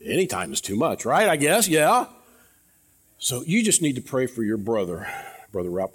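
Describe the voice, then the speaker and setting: A male pastor preaching a sermon to his church in an earnest, conversational way, often dropping to quiet, low tones and asking the congregation questions. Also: very animated, moderate pace, husky. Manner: conversational, repeats words, asks the congregation questions.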